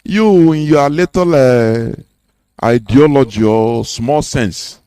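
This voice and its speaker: A man's voice: mid-range voice, takes it slowly, mellow, clean tone, dry recording. A man giving an impassioned, preachy radio talk full of rhetorical questions. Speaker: radio host.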